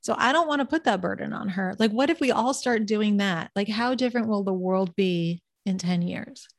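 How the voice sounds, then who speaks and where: A woman in her forties chatting casually, earnest and reflective, slowing down to land a point. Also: mid-range voice. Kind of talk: casual chat giving advice.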